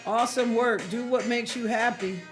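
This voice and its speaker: A woman's voice: a little high, normal speed. Hype-calling woman host over music. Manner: energetic hype-calling, encouraging. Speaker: podcast host. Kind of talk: hype intro and interview chat. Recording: clear music playing behind.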